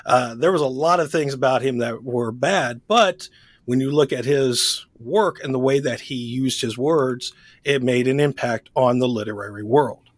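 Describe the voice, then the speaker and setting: A man's voice: mid-range voice, normal speed, no echo. A man co-hosting a book podcast, chatting casually and rambling with frequent restarts. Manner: rambling, self-correcting, laughs easily. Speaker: podcast co-host. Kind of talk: casual chat.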